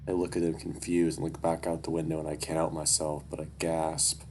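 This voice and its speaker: A young man with a very low, deep voice reads a story aloud, dropping into candid, casual asides full of swearing. There's a faint hum in the background. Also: completely flat delivery, fairly quick, darkish tone. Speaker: story reader.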